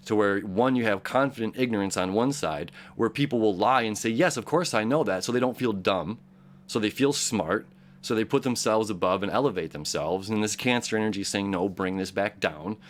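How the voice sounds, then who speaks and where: A man's voice: lowish voice, brisk. A man hosting a casual daily horoscope talk, earnest and encouraging, rambling with frequent restarts and repeated words. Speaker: astrology show host.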